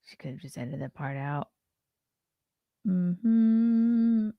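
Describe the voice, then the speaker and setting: A tired woman hosting a morning chat show, talking in a loose, rambling way and reacting to viewer comments. Her voice sits a bit low for a woman, and it is recorded dry and close. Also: lively intonation, slow pace, dry recording, narrow, tinny audio. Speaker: podcast host.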